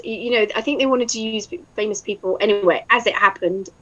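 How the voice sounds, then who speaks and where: A woman's voice: a little high, moderate pace, a bit bright, dull audio. An English woman in casual chat, talkative and laughing often, now and then swearing. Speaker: voice actor guest.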